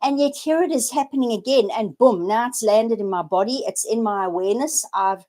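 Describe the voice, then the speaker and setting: A woman's voice: on the high side, a little fast, dark tone. A woman in her forties telling a personal story on an unscripted live video, earnest and reflective, often restarting and repeating words. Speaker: spiritual vlogger sharing a personal story.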